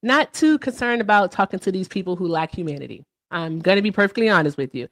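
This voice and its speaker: A woman's voice: mid-range voice, lively intonation, fast, a bit bright, dry recording. A woman hosting a casual livestream, chatty and upbeat, who keeps repeating stock phrases and laughs often. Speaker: livestream host.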